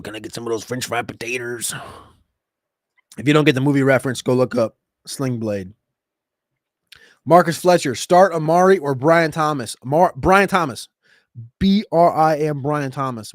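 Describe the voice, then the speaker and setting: A man hosting a casual livestream Q&A, answering viewer questions in a quick, chatty way with sudden jumps in pitch. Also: no room sound, clean studio sound. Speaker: fantasy football show host.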